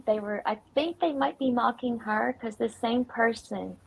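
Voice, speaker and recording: A woman's voice: fairly high pitch, normal speed, creaky, husky, rough recording. A woman hosting a casual livestream chat from her home office. She is blunt, swears freely, and is shivering from the cold.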